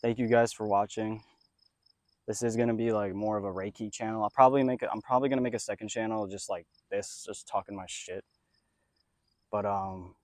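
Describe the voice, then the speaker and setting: Young man, casual spiritual ramble, heavy swearing, excitable, mid pitch, dry close sound. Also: no room sound. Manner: profane, excitable, drifts between loud rants and mumbles. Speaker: spiritual vlogger. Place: outdoors.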